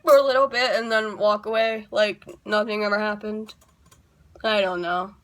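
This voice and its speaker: A woman's voice: medium pitch, fairly even intonation, normal speed, fairly bright tone. A woman talking to camera in a casual vlog monologue, chatty and wry, rambling off into asides. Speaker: YouTuber.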